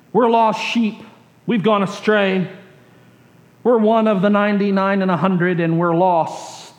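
High-voiced pastor telling a slow story. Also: male voice. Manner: slow repetitive storytelling, trailing off quietly at phrase ends. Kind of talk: sermon with a personal story.

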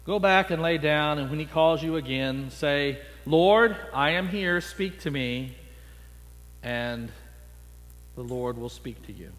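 A man voicing a sleepy, gently dismissive old priest in a sermon retelling. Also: a little high, slow, in a large hall, soft background music. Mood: solemn.

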